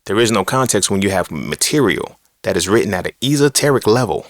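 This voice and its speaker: Low-voiced blunt preachy man. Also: sing-song, brisk, no room sound, clean studio sound. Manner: blunt, profane, preachy and rhetorical. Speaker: podcast host. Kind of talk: casual monologue on philosophy and religion.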